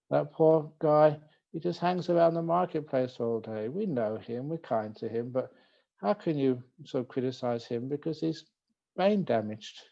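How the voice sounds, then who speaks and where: A Buddhist monk gives a relaxed, gently humorous dharma talk, telling a story in a mellow, unforced voice. The recording is dull and lo-fi. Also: male voice, medium pitch. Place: retreat talk.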